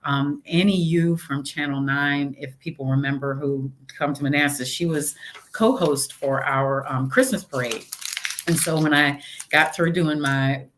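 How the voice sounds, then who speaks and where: A middle-aged woman, a mayor, chatting casually in an interview and telling stories with lively acted-out quotes. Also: deep voice, measured pace, slight background noise. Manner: animated storytelling, acts out quotes.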